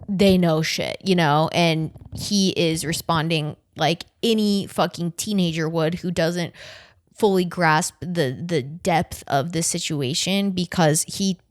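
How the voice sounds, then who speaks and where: Female podcast co-host, low voice, blunt and sweary, dry close mic. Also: takes it slowly, dry recording. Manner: blunt and emphatic, swears freely, many "like" fillers. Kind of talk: casual podcast chat, giving opinions.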